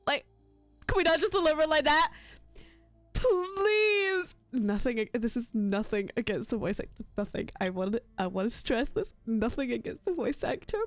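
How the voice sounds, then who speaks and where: Excitable woman streamer, lively voice. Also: sits high, normal speed, no echo. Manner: excitable, exclamatory, laughs a lot. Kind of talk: casual gameplay commentary.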